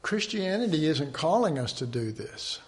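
A man teaching an informal Bible study, rambling and conversational, with many restarts, often dropping to a soft, earnest hush. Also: on the high side, big pitch swings, moderate pace.

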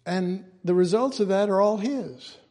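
A man's voice: high voice, a little slow, mellow. A man giving an informal Bible teaching in a folksy way, chuckling often and restarting his phrases.

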